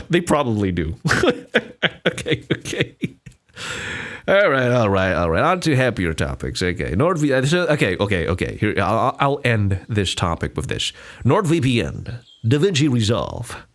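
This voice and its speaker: A man's voice: fairly low pitch, huge pitch swings, unhurried. A man, hosting a casual solo podcast, rambling with lots of fillers and restarts. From Singapore. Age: 20s. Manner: rambling, frequent fillers and restarts, laughs often. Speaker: podcast host.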